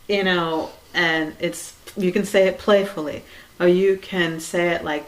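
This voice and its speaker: A woman with a slightly low voice gives a reflective dharma talk. She speaks conversationally and gently, often saying "you know" and letting her phrases fall quiet. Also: moderate pace, rough recording. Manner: conversational, frequent "you know", soft laughs.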